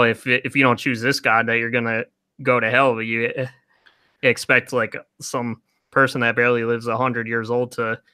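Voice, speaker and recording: A man co-hosts a laid-back podcast and thinks aloud in loose, rambling sentences. His voice is bright and smooth, and the recording is close and dry. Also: medium pitch, dry recording. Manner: rambling, with many fillers. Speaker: podcast co-host. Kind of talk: casual chat.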